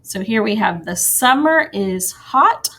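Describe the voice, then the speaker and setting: A woman teacher giving a recorded grammar lesson to young children, slow and sing-song, with soft encouraging asides. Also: medium pitch, animated, slightly rough.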